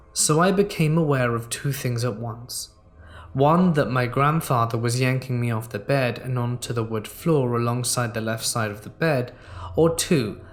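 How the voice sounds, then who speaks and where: Brief: male horror narrator, unhurried and suspenseful, mid-pitched, soft music bed. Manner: measured, hushed, suspenseful.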